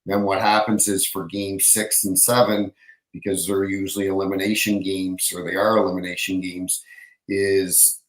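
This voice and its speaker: A former hockey referee, appearing as a podcast guest, tells stories in a loose, rambling way, often correcting himself. His voice is low and level at a moderate pace, and the low-quality recording sounds roomy.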